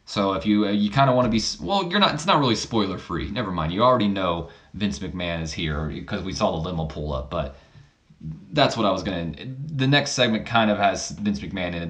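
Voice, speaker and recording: Casual guy narrating a wrestling sim, rambly, lowish voice. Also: a bit bright, muffled recording. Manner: rambling, self-correcting. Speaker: let's play host. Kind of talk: casual game commentary.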